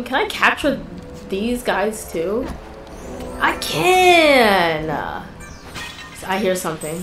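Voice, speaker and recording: A woman's voice: mid-range voice, reverberant, low-quality recording. A woman hosting a gaming channel, chatting casually and exclaiming in frustration as she plays. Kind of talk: casual gameplay commentary.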